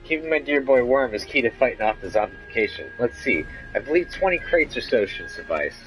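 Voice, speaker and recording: A man's voice: mid-range voice, very animated, a little fast, fairly bright tone, soft background music, pitched above the performer's own voice, poor audio. Casting: man reading a bossy, teasing game mother, pushy and doting. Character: overbearing, doting mother of a grown son.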